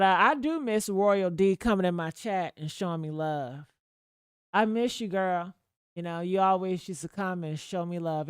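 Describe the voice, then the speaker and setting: A woman hosting a livestream, chatting casually with her viewers in a profane, gossipy way with sudden loud outbursts. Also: fairly low pitch, clear, resonant tone, dry recording, clean studio sound. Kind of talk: casual gossip commentary to a live chat.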